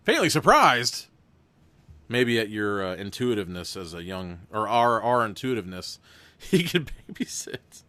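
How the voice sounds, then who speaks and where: A man's voice: on the low side, animated, normal speed, fairly bright tone, clear, resonant tone, no room sound. A man hosting a live stream, reading an interactive adventure book aloud with rambling, self-deprecating asides. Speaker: game host reading a gamebook.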